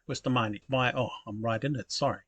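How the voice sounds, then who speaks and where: A man's voice: mid-range voice, fairly even intonation, fast talker, a bit bright, husky. A man hosting his channel, talking casually through a screen recording with many fillers and self-corrections. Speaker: channel host.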